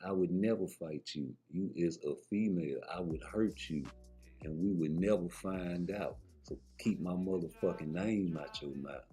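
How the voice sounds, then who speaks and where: Low, husky male vlogger; heated, profane, rambling hot takes. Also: moderate pace, warm tone, soft background music. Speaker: boxing commentary vlogger. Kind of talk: casual opinion rant.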